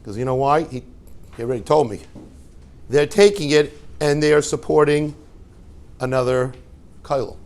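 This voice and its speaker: A man's voice: on the high side, moderate pace, pauses often, darkish tone. A man, a rabbi and yeshiva head, giving an informal Torah talk to a class, telling stories with rhetorical questions and joking asides.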